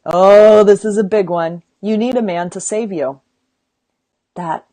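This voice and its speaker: A woman's voice: mid-range voice, warm tone, no echo. A woman hosting a podcast, talking earnestly and emphatically in a motivational tone, often asking "right?" as she drives her points home. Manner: earnest and emphatic, building to rallying calls; unhurried, with frequent rhetorical "right?". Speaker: podcast host and women's circle leader.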